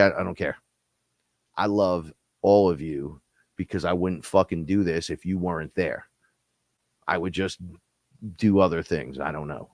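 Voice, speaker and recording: A man with a very deep, low voice talks into a close mic in a dry, dead-sounding space. He rambles through stories with a loose, profane, animated delivery, like a live show host chatting to his audience. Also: no room sound. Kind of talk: casual spiritual talk-show monologue.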